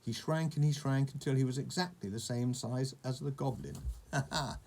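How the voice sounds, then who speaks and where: Gravelly man reading to a child. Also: medium pitch, normal speed. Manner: warm, chatty asides to a child.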